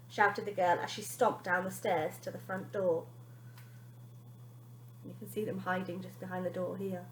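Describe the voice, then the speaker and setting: A woman teacher reading a children's storybook aloud to her class in an expressive, playful way. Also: fairly low pitch, normal speed. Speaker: primary school teacher. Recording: echoey room.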